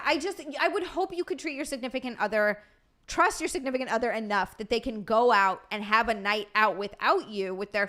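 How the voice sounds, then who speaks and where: A woman's voice: fairly high pitch, bright, forceful tone. A woman streamer chatting casually with her viewers, scattered and tired from lack of sleep, swearing freely. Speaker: streamer and podcast host. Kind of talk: casual livestream chat, answering viewer donations.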